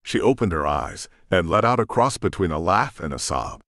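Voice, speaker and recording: A man's voice: deep voice, animated, moderate pace, a bit bright, no echo, clean studio sound. A man narrating a romance audiobook in first person with dramatic, intense storytelling.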